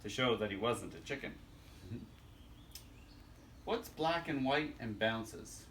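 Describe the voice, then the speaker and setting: Lively man reading kids' jokes. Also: mid-range voice, slow, far from the mic, slight background noise. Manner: animated, chuckling at his own jokes. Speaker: storyteller reading a children's joke book. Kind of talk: reading jokes aloud to children.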